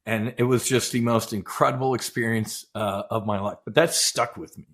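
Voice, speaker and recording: A middle-aged man, a former naval aviator, recounting a deep personal experience in an intense, animated way, swearing and acting out quoted dialogue. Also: moderate pace, hardly any pauses. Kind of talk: emotional storytelling in casual chat.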